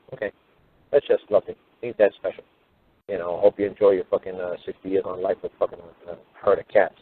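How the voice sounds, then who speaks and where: A man giving a profane, heated radio monologue as a talk show host. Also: low-pitched. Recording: phone-line radio audio.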